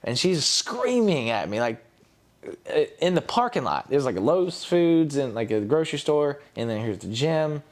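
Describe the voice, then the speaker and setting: A man's voice: on the high side, very animated, moderate pace. A young man, a podcast guest, telling a personal story candidly and acting out what others said. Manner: candid, retells scenes with quoted voices. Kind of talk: casual storytelling.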